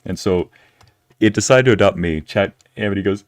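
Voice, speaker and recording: Deep-voiced man joking through a game stream. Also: fairly quick, no echo, clean studio sound. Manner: joking, animated, talks to chat. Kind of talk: casual game commentary.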